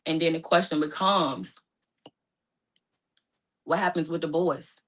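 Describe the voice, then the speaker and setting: Woman guest, lowish voice, telling her own story in casual speech; spikes high when upset. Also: steady tone, measured pace, a bit bright. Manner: emotional, rising to high pitch when distressed; speaks casually with informal phrasing. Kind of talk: personal storytelling in conversation.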